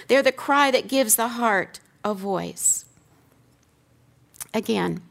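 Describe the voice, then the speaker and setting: Woman, middle-aged, fairly high voice, gravelly edge, earnest teaching talk, rhetorical questions. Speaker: seminary teacher giving a talk.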